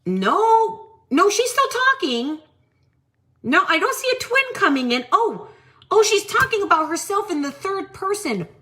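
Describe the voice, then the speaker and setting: On her live-selling stream, a woman with a high, sharp voice goes on a rant. She sounds mockingly exasperated and incredulous, and she swears without holding back.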